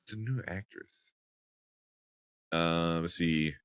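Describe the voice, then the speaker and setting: A man co-hosting a show recap. His voice sits on the low side and sounds dry and close. He rambles along casually and gets animated when something excites him. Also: takes it slowly, clear, resonant tone, no room sound. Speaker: podcast co-host.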